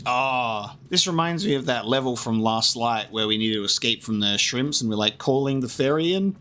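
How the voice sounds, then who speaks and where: A man's voice: mid-range voice, lively intonation, normal speed, sharp tone, a little hiss or hum. A man giving casual, jokey commentary as he plays through a video game, chatting to himself as he goes. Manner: chatty, jokey, talks to himself while playing. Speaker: gaming streamer.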